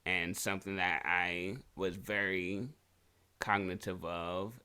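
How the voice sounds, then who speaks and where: A man's voice: sits low, flat delivery, takes it slowly, bright, forceful tone, clean tone. A man co-hosting a podcast, telling a crude story in casual chat and laughing often as he goes. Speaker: podcast co-host.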